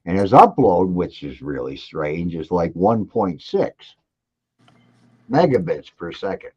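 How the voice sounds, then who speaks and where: A man's voice: low-pitched, slow pace, husky. Older man teasing his livestream chat. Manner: animated, teasing, reads out viewer comments. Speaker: livestream host. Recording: dull lo-fi audio.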